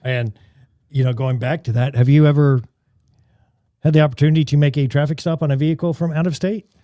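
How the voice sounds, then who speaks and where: Higher-voiced man hosting a podcast. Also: fairly even intonation, a little fast, dark tone, no room sound, clean studio sound. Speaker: podcast host. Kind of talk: interview questions, casual chat.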